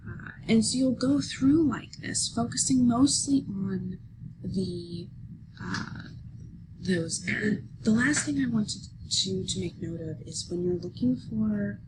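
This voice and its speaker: A woman teacher walking students through a lesson, patient and explanatory, checking in often with "okay?" and pausing on fillers. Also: medium pitch, lively intonation, noisy background. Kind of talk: screen-recorded lesson walkthrough.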